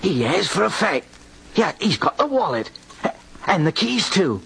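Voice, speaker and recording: An actor playing a poor, folksy drifter who narrates an old-time radio drama. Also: male voice, sits high, very animated, vocal fry, fairly bright tone, husky, heavily acted. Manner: folksy, slow-spoken, self-pitying. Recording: hissy old radio recording.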